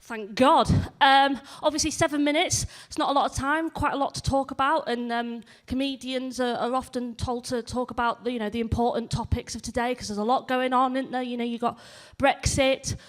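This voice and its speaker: A woman's voice: high-pitched, fairly even intonation, a little fast, few pauses. A woman in her twenties with a Yorkshire accent, performing a chatty, self-mocking stand-up set on a comedy stage. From northern England, near Leeds.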